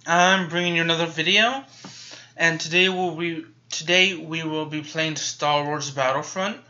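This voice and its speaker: A man's voice: fairly high pitch, steady tone, measured pace, bright, forceful tone, muffled recording. A man talking casually over gameplay of his video game, a little tired and chatty, rambling with frequent restarts. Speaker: gaming YouTuber.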